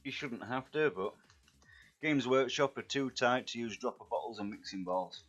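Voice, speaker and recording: A middle-aged man with a rough Yorkshire accent, chatting and bantering with viewers while he paints miniatures on a live stream. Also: medium pitch, normal speed, a bit bright. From England. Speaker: live-stream hobby host. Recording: dull lo-fi stream audio, faint music.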